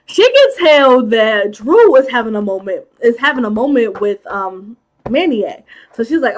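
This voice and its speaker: A woman hosting a casual movie recap. She talks in an animated, chatty way, laughs often and drops in many filler "like"s. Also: a little high, a little fast. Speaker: movie commentary host.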